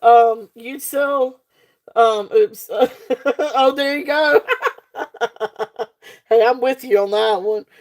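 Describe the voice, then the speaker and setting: A woman's voice: on the high side, drawn-out words, pauses often, a little mellow. A woman hosting a live jewelry sale stream, giggly and gushing at her viewers, rambling with lots of fillers. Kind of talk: casual live-stream selling chat.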